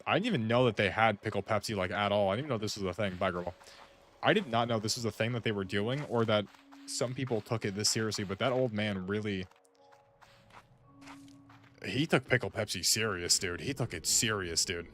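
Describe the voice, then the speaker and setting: A man with a lowish, fairly bright voice talks a little fast as he games and streams. His casual chat rambles as he muses aloud to friends, using "like" again and again.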